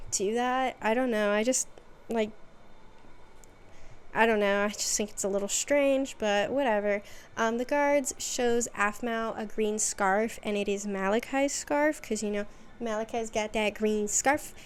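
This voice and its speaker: A woman's voice: a little high, measured pace, clean tone. Rambling young woman recapping casually. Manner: rambling, filler-heavy storytelling. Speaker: video host.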